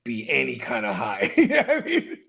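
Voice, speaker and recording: A man hosting a casual fantasy football podcast, loud and teasing, often breaking into laughter. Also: sits high, huge pitch swings, fairly quick, vocal fry. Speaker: podcast host.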